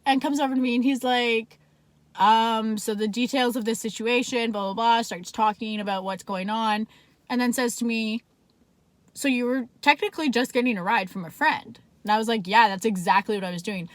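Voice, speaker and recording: A woman's voice: fairly high pitch, steady tone, moderate pace, no room sound. A young woman from Canada telling a story in a casual, chatty way, swearing often and filling her talk with "like". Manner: chatty, swears a lot, heavy use of "like". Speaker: vlogger.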